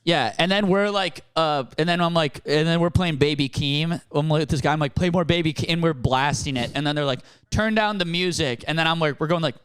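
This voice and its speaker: A man's voice: a little high, a little fast, hardly any pauses, clear, resonant tone, no room sound. A young man on a comedy podcast, telling a story with lots of acted-out quotes in a casual chat. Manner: animated storytelling, acts out cops and himself in quoted voices.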